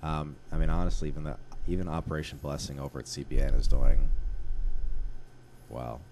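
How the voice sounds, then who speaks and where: A man's voice: rumbling low, little pitch movement, a little fast, darkish tone, slight background noise. A man co-hosting a casual discussion podcast, rambling with many restarts and fillers. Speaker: podcast co-host.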